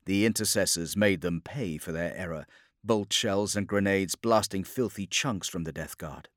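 A man narrating a war story as a scripted audiobook, in a steady, dramatic storytelling delivery. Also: low voice, moderate pace, no echo, studio quality.

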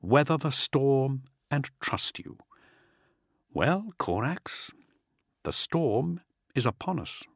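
A man voicing a grim, weary male commander who mutters in a slow, measured way. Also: medium pitch, very animated, vocal fry, no room sound, studio quality, pitched above the performer's own voice, full character voice. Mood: grim resigned.

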